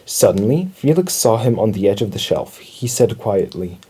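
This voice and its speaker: A man reading a children's storybook aloud in an expressive storytelling manner. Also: lowish voice, moderate pace, slightly rough. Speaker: storybook reader.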